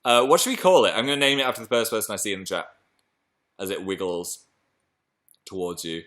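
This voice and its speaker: A young British man chatting excitedly on a live stream and reading viewer messages aloud. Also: fairly low pitch, brisk. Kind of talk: casual live stream chat.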